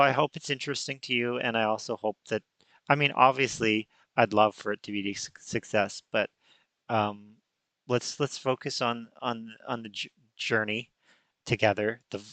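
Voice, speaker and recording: A male podcast host who is losing his voice, talking in a halting way with many restarts. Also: lowish voice, pushed and bright, dry recording. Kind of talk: casual unscripted chat.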